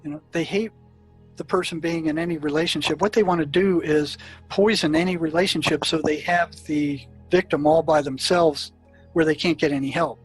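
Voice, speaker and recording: An older man tells stories from his years as a psychiatrist, his voice a touch higher than most men's. He talks in loose runs full of fillers and restarts. Faint music plays quietly under the recording. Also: steady tone, normal speed, husky, low-quality recording. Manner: anecdotal, many fillers and restarts. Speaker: psychiatrist telling his experiences. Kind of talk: storytelling in an interview.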